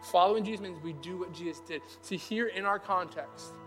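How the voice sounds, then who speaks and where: A man's voice: high-pitched, moderate pace, over music. A young man, a pastor, giving a casual, conversational sermon and acting out the voices of people he quotes. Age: young adult. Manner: chatty, animated, acts out quoted voices.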